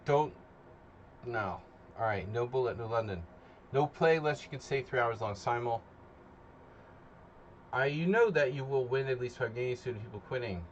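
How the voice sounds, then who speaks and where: A man's voice: mid-range voice, moderate pace, pauses often, lo-fi sound, a little hiss or hum. A man hosting a live chess simul stream, chatting casually and rambling to his chat. He is a bit tired after a nap. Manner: rambling, loose and chatty, talking to chat while setting up.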